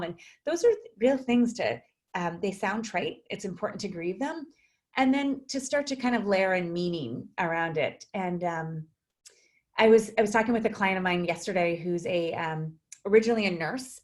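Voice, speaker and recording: A woman psychologist, a guest in a video interview, speaking thoughtfully with frequent fillers and restarts. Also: mid-range voice.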